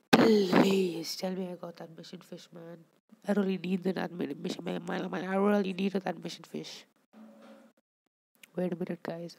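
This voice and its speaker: A woman's voice: lowish voice, flat delivery, moderate pace, creaky, a little mellow, a little hiss or hum. A woman giving casual commentary over her own gameplay, chatting with viewers and scolding the fish on screen.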